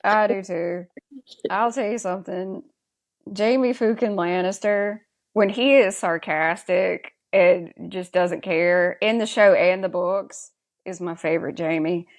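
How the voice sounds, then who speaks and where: A woman's voice: mid-range voice, takes it slowly. A woman co-hosting a podcast, chatting casually and with strong opinions as she recaps a TV episode and asks her co-host's views. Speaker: podcast co-host.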